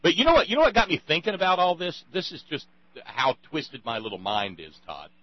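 A man's voice: fairly high pitch, big pitch swings, fairly quick, dry recording, highs cut off. Rambling emphatic male talk host. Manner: rambling, restarts often, emphatic. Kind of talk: casual radio conversation.

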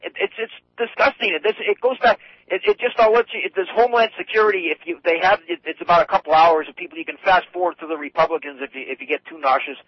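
A man's voice: high voice, dry recording. Rambling New England man on a phone line. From New Hampshire. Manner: rambling, halting, many restarts. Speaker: caller. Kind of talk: phone-in call. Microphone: telephone.

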